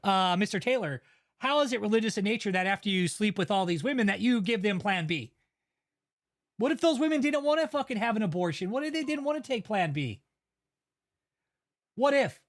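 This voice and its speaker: Male streamer, very high pitch, furious, swearing constantly, ranting commentary. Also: expressive, brisk, pauses often. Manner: angry, profane, ranting. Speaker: channel host. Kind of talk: livestream commentary rant.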